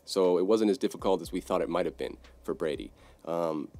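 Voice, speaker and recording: A man hosting a sports podcast, ranting in a brash, profane, casual way, swinging between loud outbursts and low muttered asides. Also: lively intonation, brisk.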